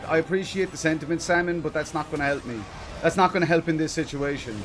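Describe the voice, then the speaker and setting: A man's voice: fairly high pitch, fairly even intonation, fast, noisy background. A man streaming a video game, ranting in frustration and swearing often. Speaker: gaming streamer. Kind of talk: casual live-stream commentary.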